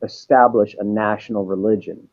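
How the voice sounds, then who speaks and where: A man from Massachusetts answering interview questions in a measured, explanatory way. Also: on the low side, steady tone, darkish tone. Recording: dull, lo-fi sound.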